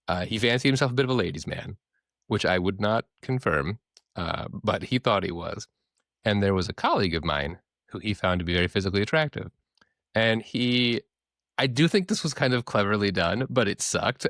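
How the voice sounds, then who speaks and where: A man co-hosts a podcast in a casual discussion, his voice on the low side and a bit bright, recorded with no room sound. He rambles candidly and swears freely while telling stories, acting out the voices of the people he quotes.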